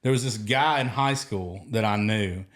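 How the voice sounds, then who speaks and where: A man's voice: on the low side, normal speed. A man hosting a podcast, telling rambling stories in casual chat and laughing through them. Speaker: podcast host.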